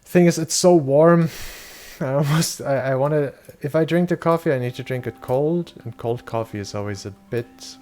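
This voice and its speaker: A young German streamer chats loosely with viewers while gaming, swearing casually and fielding chat questions. His voice is mid-range and a little mellow, at normal speed with few pauses.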